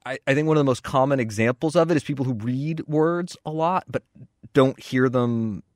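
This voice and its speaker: Man podcast co-host, earnest, measured, medium pitch, dry sound. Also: dry recording. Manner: earnest and measured, reads listener letters aloud. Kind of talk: casual etiquette advice chat.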